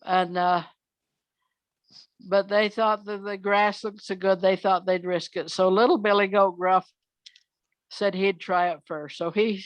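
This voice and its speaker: An older woman telling children's fairy tales from memory, unhurried, often pausing on "uh". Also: fairly low pitch, level tone, dry recording. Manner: unhurried, with frequent "uh" pauses. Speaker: storyteller.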